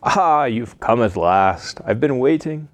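A man voicing a loving, patient father in a read-aloud storybook, speaking slowly and reassuringly. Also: medium pitch, animated, no room sound.

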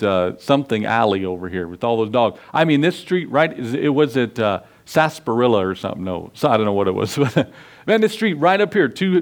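A pastor delivers a sermon in an earnest, folksy manner, pitched somewhat high for a man. He asks his listeners questions, tells homespun stories and presses the point home.

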